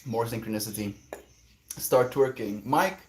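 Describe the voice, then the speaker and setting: A man's voice: mid-range voice, unhurried, slight background noise. A man on a casual livestream outdoors, reading viewer messages aloud and musing on them in a reflective way. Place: outdoors, quiet spot.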